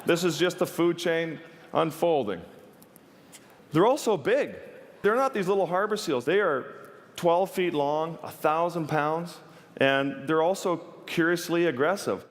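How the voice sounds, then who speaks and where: A man's voice: a little high, measured pace. Man telling a story in a big hall. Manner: earnest and vivid, with wry humor. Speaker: wildlife photographer giving a talk. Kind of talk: stage talk, personal storytelling. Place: stage in a large hall. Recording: long reverb of a large hall.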